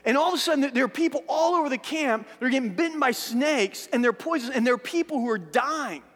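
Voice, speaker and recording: A man preaching a sermon as a pastor, telling a Bible story with lively asides and often repeating words as he restarts sentences. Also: very high voice, quick pace. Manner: animated storytelling, acting out voices of biblical figures. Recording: hall with long reverb.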